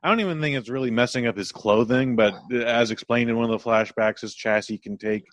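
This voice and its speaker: A man casually chatting as a co-host, relaxed, adding plot details and film trivia. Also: mid-range voice, fairly quick, no echo. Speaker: podcast co-host. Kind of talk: casual chat.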